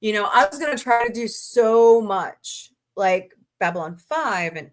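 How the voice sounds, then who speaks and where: A woman's voice: medium pitch, a little slow. A woman hosting a casual livestream, chatting to viewers and reading good-news stories aloud with her own asides, yawning now and then. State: yawning, tired. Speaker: livestream host.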